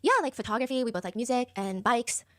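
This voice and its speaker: A woman co-hosting a reaction show, chatting quickly as she recaps a reality show and reads out viewer comments. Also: a little high, fairly bright tone.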